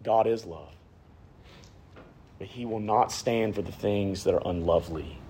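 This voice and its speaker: A man in his thirties, a pastor preaching a sermon, swinging from raised emphasis down to hushed, near-whispered lines. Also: on the low side, unhurried, slight background noise.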